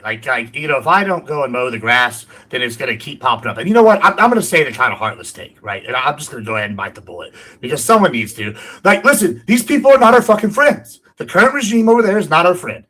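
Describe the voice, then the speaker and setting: A man on a debate panel, arguing his point in a rapid, combative way that trips over words. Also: medium pitch, very animated, pushed and bright. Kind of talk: heated political argument.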